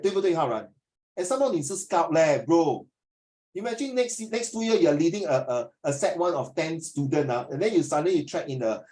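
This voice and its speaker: Singaporean tutor, male, raised pitch, jokes around then gets stern, classroom lecture delivery. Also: a little mellow, low-quality recording. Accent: Singaporean English.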